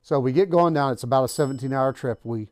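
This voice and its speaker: A man's voice: medium pitch, quick pace, no echo. Guy telling a story from his past to the camera, chatty, does little voices for the people in it, dry close sound. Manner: conversational, acts out quoted lines. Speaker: channel host. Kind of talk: casual storytelling.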